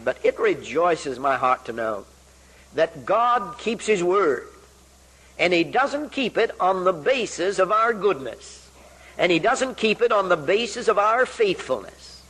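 A man preaching a sermon, earnest and deliberate, driving his points home with rhetorical questions and repetition. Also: sits high, fairly bright tone, husky, rough recording. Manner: earnest, deliberate Bible exposition.

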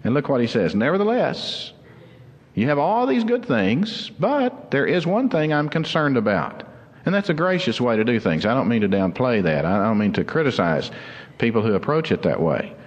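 A man preaching a sermon as pastor, earnest and explanatory, slowing down to stress key words. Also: medium pitch, big pitch swings, big-room sound, highs cut off. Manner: earnest, explanatory, slows down for emphasis.

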